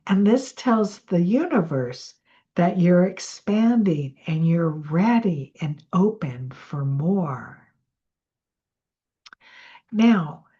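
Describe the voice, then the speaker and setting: A woman coach leading a slow guided breathing and affirmation exercise in a soothing way. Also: on the low side, animated, mellow, dull audio. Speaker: manifestation coach.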